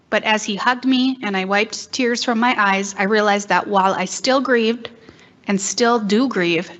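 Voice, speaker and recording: A woman reading a written introduction aloud at a conference, steady and careful. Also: mid-range voice, highs cut off. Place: conference hall.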